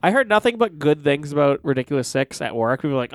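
A man's voice: fairly high pitch, very animated, fast talker, dry recording. A man co-hosting a podcast in casual chat, rambling and searching for words. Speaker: podcast co-host.

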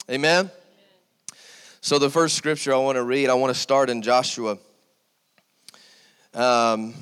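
A man's voice: mid-range voice, fairly bright tone. A male pastor preaching a sermon in a church, with call-and-response "Amen?" and repeated "See," as he builds his points. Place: church sanctuary. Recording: long church reverb.

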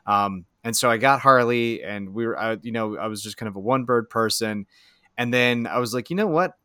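A man chatting casually as a podcast guest, telling long, halting stories full of restarts. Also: lowish voice, fairly even intonation, bright, forceful tone, clear, resonant tone, no room sound, studio quality. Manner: rambling, halting storytelling with many restarts. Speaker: podcast guest, bird owner. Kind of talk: casual chat.

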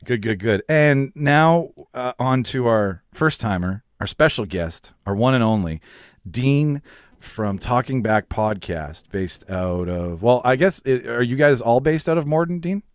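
A man's voice: mid-range voice, animated, measured pace, clean tone, no echo, studio quality. A man hosting a casual podcast chat, loose and profane, laughing often. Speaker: podcast host.

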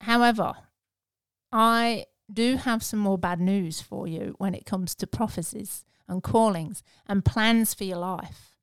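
Woman, devotional podcast host, earnest, encouraging, smooth clear voice, dry close sound. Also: mid-range voice, a little slow, no room sound. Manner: earnest, encouraging, softening to a hush.

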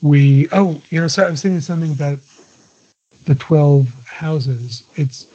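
Older male guest, husky, rambling and chuckling, on a dull lo-fi recording. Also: fairly high pitch, measured pace, dark tone. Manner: digressive, many restarts, chuckling. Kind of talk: casual interview chat. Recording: dull lo-fi audio.

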